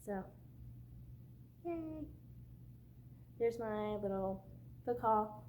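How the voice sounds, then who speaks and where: A woman's voice: mid-range voice, animated, very slow, darkish tone, slight background noise. A woman chatting casually in a book haul vlog, bubbly and gushing, with lots of "like" fillers. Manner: bubbly, gushing, says "like" often. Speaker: book vlogger.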